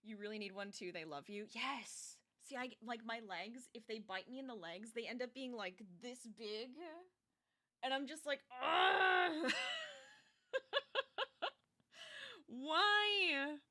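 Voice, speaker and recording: A woman's voice: fairly high pitch, expressive, takes it slowly, pushed and bright. A young adult woman streaming as she crochets, chatting casually and animatedly with her viewers and laughing often.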